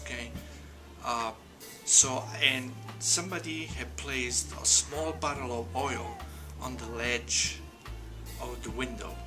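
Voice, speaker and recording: A man from Naples, telling a casual story in a relaxed way, with many fillers and drawn-out emphasis. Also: mid-range voice. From Naples, Italy. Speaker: vlogger. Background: music.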